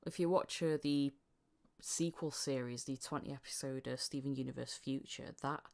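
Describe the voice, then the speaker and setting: A woman's voice: extremely low pitch, steady tone, moderate pace, gravelly, a little mellow. A woman hosting a voice-acting livestream, casually reading viewer questions with plenty of fillers. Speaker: livestream host and voice actor.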